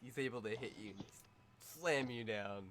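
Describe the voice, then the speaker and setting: A man's voice: medium pitch, fairly bright tone. Chuckling man running a tabletop game. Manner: descriptive, chuckling, halting. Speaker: game master.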